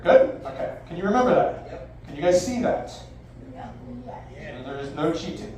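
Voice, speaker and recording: A brash, high-voiced stage magician in his 40s delivers live comedic magic patter from a bar stage, expressive and theatrical with a dark tone and plenty of profanity at a normal speed. The distant mic picks up an echoey live room and faint noise.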